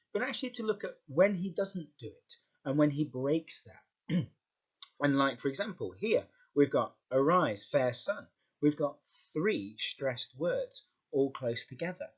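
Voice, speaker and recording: In a muffled, lo-fi video lesson, a man with a mid-range, breathy voice explains English to his class. He often checks in with "okay" as he guides them through.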